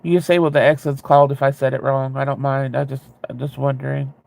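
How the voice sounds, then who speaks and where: A man chatting casually with viewers, rambling and candid, with a ready laugh and a gravelly voice. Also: medium pitch, little pitch movement, fairly quick, a little mellow. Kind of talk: casual chat.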